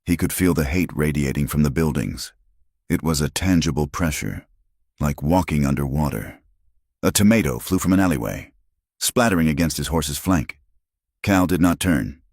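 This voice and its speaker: A man narrating a western audiobook in a measured, even storytelling manner. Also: extremely low pitch, no echo, clean studio sound.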